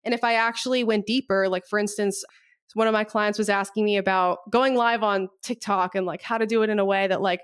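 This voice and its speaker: A woman's voice: mid-range voice, steady tone, brisk, clear, resonant tone. A woman business coach, a guest on a podcast, speaking casually with many fillers and the occasional swear word. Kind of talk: casual conversational interview.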